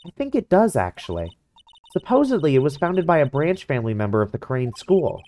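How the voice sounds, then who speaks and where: A woman's voice: deep voice, very animated, brisk, dark tone. A woman voicing a playful, teasing nineteen-year-old girl in a game fan dub.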